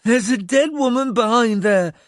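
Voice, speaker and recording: A man's voice: lively intonation, brisk, a bit bright, no echo, studio quality. Kay, a man voicing a sobbing scared boy. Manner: pleading, high and strained. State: crying, hoarse. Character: frightened young boy, weepy and pouting.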